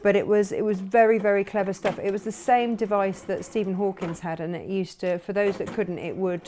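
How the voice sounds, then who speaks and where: Woman, co-host, casual chat, cheerful, quick to laugh. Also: mid-range voice, fairly even intonation, background noise. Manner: cheerful, reads comments aloud, laughs easily. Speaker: co-host reading viewer comments.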